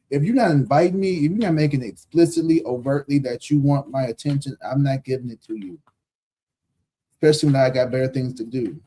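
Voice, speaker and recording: Tarot guy in his 30s live streaming, slangy and swears a lot, keeps repeating stuff, laughs a bunch, kinda dark mellow voice. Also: medium pitch, brisk, slight background noise. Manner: candid, profane, slangy; talkative, repeats himself for emphasis. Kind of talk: casual live tarot reading.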